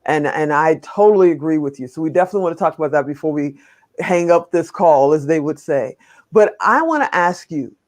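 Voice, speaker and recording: A woman's voice: on the low side, darkish tone. Woman hosting an interview, eager questions. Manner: eager questioner, quick affirmations. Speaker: interview host. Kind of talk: conversational interview.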